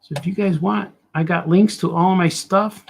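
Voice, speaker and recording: Gravelly middle-aged man rambling while drawing. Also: high voice, steady tone, normal speed, slight background noise. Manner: joking, self-mocking asides. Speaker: cartoonist streamer.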